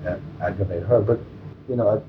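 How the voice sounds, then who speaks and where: A man's voice: fairly low pitch, steady tone, fairly quick, lo-fi sound. An Irish man in his forties, a comedian being interviewed, joking and rambling with many restarts. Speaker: comedian guest. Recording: distant mic with faint noise.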